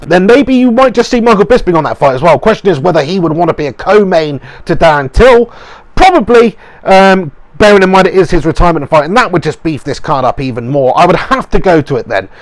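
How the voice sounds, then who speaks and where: A man's voice: sits high, lively intonation, a little fast, dry recording. Man, young adult, channel host, opinionated, rambling, fillers, dry recording. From England. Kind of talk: casual reaction commentary.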